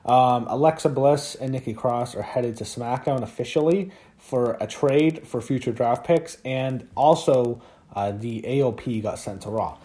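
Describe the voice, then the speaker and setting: A man's voice: mid-range voice, unhurried, warm tone. A man giving a casual spoken review of a wrestling show, swearing often and ranting when annoyed. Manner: profane, ranting, easily annoyed.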